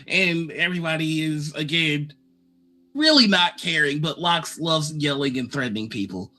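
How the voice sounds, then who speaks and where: A man running a tabletop game as game master, narrating in a relaxed way and laughing often. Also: fairly high pitch, normal speed. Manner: relaxed, laughing, many uh fillers.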